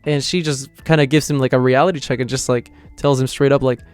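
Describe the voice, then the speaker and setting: A man as a casual YouTube manga reviewer, mid pitch, animated retelling, filler-heavy. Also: fast talker, clean tone, no echo, faint music behind. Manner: rambling, lots of "like" and "you know" fillers. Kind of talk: casual chapter review and reaction.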